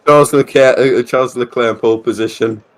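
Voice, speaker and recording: Excitable male sim racing commentator. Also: mid-range voice, fast. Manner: excitable, banters and swears casually. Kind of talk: live race commentary.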